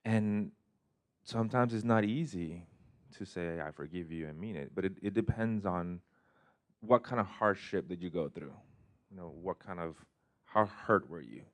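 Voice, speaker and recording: Low-voiced joking male life coach. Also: measured pace. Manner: joking, conversational, loose phrasing. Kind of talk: motivational talk to a live group. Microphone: handheld or stand mic.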